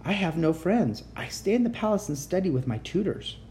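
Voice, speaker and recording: A woman's voice: lowish voice, expressive, fairly quick, mellow, a little hiss or hum, voice pushed up, lightly acted. A woman voicing a young boy prince who speaks in a formal, careful way, reading a storybook aloud. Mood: sad.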